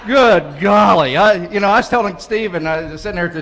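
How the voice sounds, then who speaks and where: A man's voice: sits high, a little fast, a bit bright. Folksy man speaking in an echoey hall. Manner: folksy storyteller, chuckling often. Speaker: motivational speaker. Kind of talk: humorous banquet speech. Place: large banquet hall. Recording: echoey hall recording with faint ambience.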